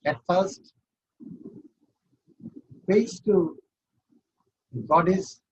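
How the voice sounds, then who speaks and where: A male lecturer talks slowly and deliberately, walking through each point one step at a time. His voice sits a bit high and sounds very husky and breathy. The recording is dull and lo-fi, like a low-quality online class. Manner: slow, counting and explaining step by step. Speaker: university lecturer.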